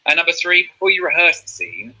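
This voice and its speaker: A man's voice: a little high, sing-song, fast talker, sharp tone, poor audio. A man teaching a drama revision lesson, explaining step by step and checking in with "okay?".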